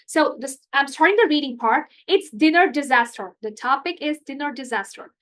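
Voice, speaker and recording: High-voiced woman tutor teaching live. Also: moderate pace, a bit bright. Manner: chatty and explanatory, with many asides. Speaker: English tutor. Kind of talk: live online lesson.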